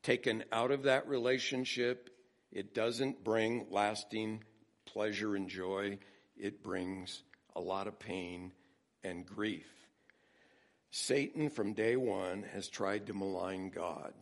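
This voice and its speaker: A man preaching a sermon, humorous and storytelling, who acts out quotes with rising excitement. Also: fairly low pitch, slow pace. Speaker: pastor.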